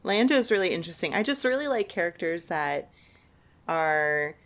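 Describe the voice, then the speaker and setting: A woman's voice: on the low side, animated, moderate pace, fairly bright tone. A young woman co-hosting a podcast in casual chat, laughing often. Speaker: podcast co-host.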